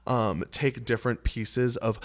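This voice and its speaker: A young man co-hosting a podcast, telling stories in a casual, animated way, with lots of fillers. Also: mid-range voice, unhurried. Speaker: podcast co-host. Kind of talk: casual chat.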